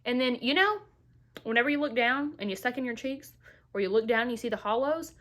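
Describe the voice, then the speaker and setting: A woman's voice: on the high side, expressive, brisk, a bit bright. Chatty young woman doing her makeup. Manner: chatty, playful asides, Southern-style "y'all". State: recovering from illness, gets out of breath. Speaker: beauty vlogger. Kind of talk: casual makeup tutorial chat. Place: at home.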